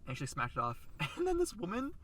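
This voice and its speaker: A young man from Canada co-hosting a podcast, telling an animated story and acting out other people's lines. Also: high voice, a little fast, slight background noise. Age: young adult. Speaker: podcast co-host. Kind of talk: casual storytelling chat. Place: outdoors, in a thunderstorm.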